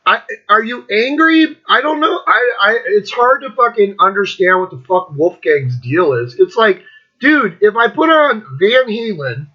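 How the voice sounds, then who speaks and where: A man's voice: high voice, lively intonation, measured pace, muffled recording. A man in his fifties hosting his own show, ranting bluntly and mockingly, swearing freely and laughing often. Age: 50s. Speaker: podcast host. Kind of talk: profane rant.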